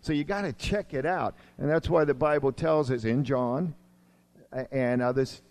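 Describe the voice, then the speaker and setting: Delivering his sermon at a moderate pace, this pastor, a man in his sixties with many years in ministry, shifts forcefully from urgent raised lines to soft, low asides.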